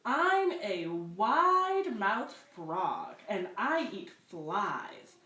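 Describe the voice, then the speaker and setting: Woman playing a boastful male frog, storybook voice, loud proud announcing, slow and drawn out, roomy echo. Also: mid-range voice, sing-song, recorded from a distance, full character voice. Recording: roomy echo, away from the mic.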